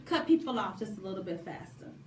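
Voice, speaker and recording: A woman co-hosting a casual radio talk show, speaking in a lively, preachy way with laughing asides. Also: mid-range voice, fast. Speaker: co-host. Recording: echoey room from a distant mic.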